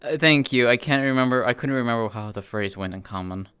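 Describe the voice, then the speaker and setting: A woman's voice: very deep voice, brisk, fairly bright tone, clean tone, no room sound. A woman with a playful, teasing manner, chatting as a player in a tabletop game. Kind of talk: casual chat during a tabletop game.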